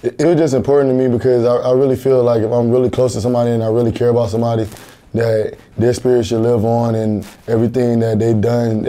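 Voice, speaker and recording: A man's voice: mid-range voice, dark tone. A young college football player answering interview questions in an earnest, plain-spoken way, often repeating words as he thinks. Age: young adult.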